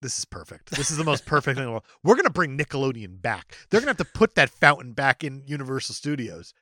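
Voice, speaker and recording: A man's voice: medium pitch, no room sound, studio quality. Male podcast co-host, joking movie recap; bouncy, wide-ranging delivery. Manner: animated, jokey, acts out characters in quick bits. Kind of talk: casual movie-review chat.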